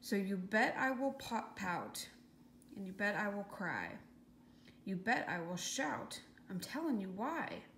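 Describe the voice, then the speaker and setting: A woman's voice: mid-range voice, big pitch swings, takes it slowly, a bit bright, exaggerated voice. A woman voicing a bratty, spoiled schoolgirl who sneers like a know-it-all, read in a storybook. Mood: snide. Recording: echoey room with faint hiss.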